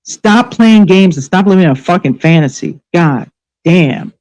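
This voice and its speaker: A woman's voice: lowish voice, lively intonation, moderate pace, a little mellow, low-quality recording. Furious, profane woman ranting live. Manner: angry, profane, sarcastic; scolding, rhetorical questions. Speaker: livestream show host.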